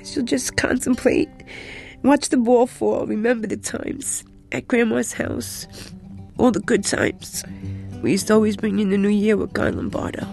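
A woman recording personal messages to her young son, speaking tenderly and haltingly with pauses and restarts. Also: on the high side, gravelly, darkish tone, faint music behind. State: crying.

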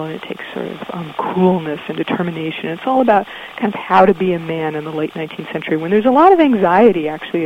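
A woman's voice: fairly low pitch, a little hiss or hum. A woman guest in a radio interview, explaining in a thoughtful way with frequent ums, heard through dull, muffled audio.

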